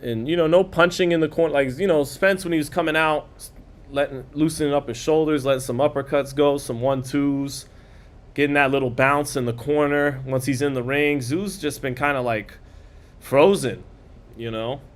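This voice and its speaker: A man hosts a live watch-party stream for a boxing match, chatting casually, reading out viewer comments, and quickly calling the fight punch by punch. His voice is on the high side with a steady tone.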